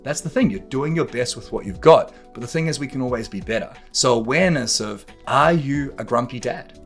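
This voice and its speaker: A man delivering a straight-talking coaching monologue, his pitch sitting in the middle range for a man. He swears freely and drives his points with pointed rhetorical questions. Faint music plays softly underneath. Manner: blunt, swears often, emphatic rhetorical questions. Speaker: podcast host and coach. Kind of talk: direct-to-camera coaching monologue.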